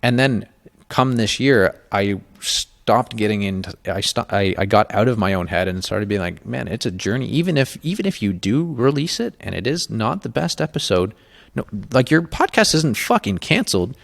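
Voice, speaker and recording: A man's voice: on the low side, big pitch swings, normal speed, creaky. A man hosting a podcast, talking candidly and emotionally in a casual chat, swearing freely. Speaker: podcast host.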